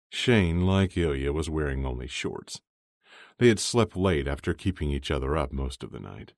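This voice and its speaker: Very deep-voiced male audiobook narrator. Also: dry recording, clean studio sound. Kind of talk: scripted narration.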